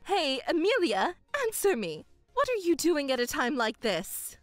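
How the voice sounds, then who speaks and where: A woman's voice: high voice, big pitch swings, moderate pace, no room sound, soft background music. A woman putting on a pompous, domineering mother. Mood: insistent. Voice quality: loud and overbearing. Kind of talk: dramatized story reading.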